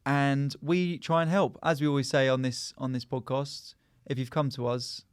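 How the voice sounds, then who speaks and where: A man's voice: mid-range voice, flat delivery, moderate pace, clean tone, no room sound. A man hosting a comedy podcast, bantering and teasing his guest. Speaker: podcast host. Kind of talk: casual comedy podcast chat.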